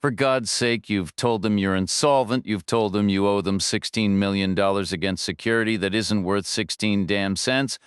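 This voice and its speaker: Yelling finance guy gone shrill with rage, out of breath and sneering, a narrator doing him in a low, smooth, dry reading voice pushed way up. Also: steady tone, normal speed, hardly any pauses, dry recording, close to an everyday voice. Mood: furious. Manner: screaming, sarcastic, panting. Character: furious male finance director, middle-aged.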